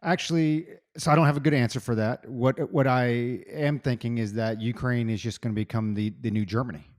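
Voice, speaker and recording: A man's voice: mid-range voice, steady tone, fairly quick, a little mellow. A man on a casual podcast, thinking aloud and tentatively offering his view.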